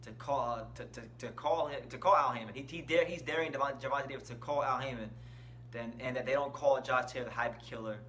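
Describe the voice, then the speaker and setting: A man's voice: medium pitch, fast talker, fairly bright tone, a little hiss or hum. A man hosting a casual boxing channel, giving opinionated commentary and stressing key words, speaking from an indoor room. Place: indoor room with shirts on the wall.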